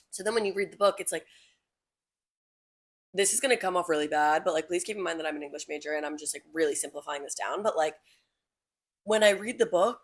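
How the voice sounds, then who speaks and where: Low-voiced young woman co-hosting a podcast. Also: a little fast, long pauses, slightly rough. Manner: chatty, many "like" fillers, thinks aloud. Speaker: podcast co-host. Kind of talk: casual chat.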